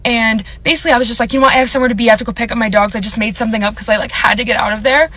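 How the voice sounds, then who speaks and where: A woman's voice: a little high, fairly even intonation, racing, fairly bright tone. A young woman telling a rambling storytime about a bad nail appointment, upset and close to tears, filling her talk with "like". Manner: rambling, filler-heavy, upset. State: on the verge of tears. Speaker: content creator. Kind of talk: storytime vlog.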